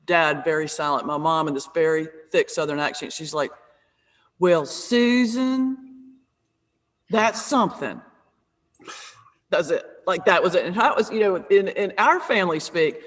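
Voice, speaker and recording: Woman in her fifties, pastor and comedian, tells lively funny stories on a video call with a long room echo. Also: on the low side. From North Carolina, USA. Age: 50s. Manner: humorous, lively, self-deprecating. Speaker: pastor and comedian, interview guest. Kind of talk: conversational storytelling.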